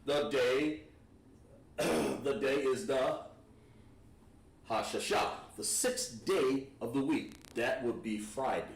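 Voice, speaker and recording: A man teaching a language class, patient and encouraging, sounding out words slowly at a board. His voice is at an ordinary pitch and comes from a distance. The room gives it a noticeable echo. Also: gravelly. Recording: echoey room, voice from far off.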